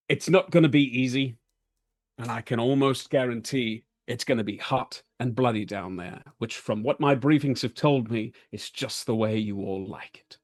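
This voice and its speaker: A man's voice: medium pitch, normal speed, no room sound, clean studio sound, pitched below the performer's own voice, lightly acted. A man voicing a stern female Allied commander giving a blunt briefing. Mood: grim briefing.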